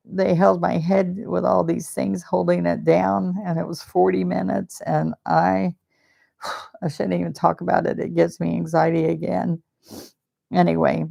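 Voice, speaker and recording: A woman's voice: lowish voice, level tone, a little slow, creaky, a little mellow. A woman teaching a live painting demonstration, chatty and rambling, openly emotional and talking about faith. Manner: speaks of faith and blessings.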